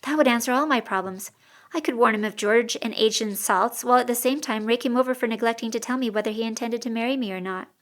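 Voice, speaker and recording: A woman reading a first-person audiobook in a measured, expressive storytelling voice. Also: fairly high pitch. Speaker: audiobook narrator.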